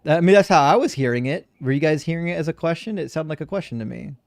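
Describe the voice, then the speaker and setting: A man's voice: a little high, animated, quick pace, gravelly, no room sound, studio quality. A man hosting a live call-in debate show, blunt and needling with his callers.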